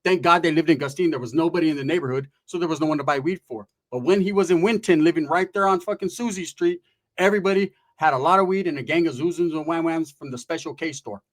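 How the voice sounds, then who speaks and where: A man's voice: a little high, fast. A man telling a comedic story with profane street slang and loose, chatty asides. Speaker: stand-up storyteller.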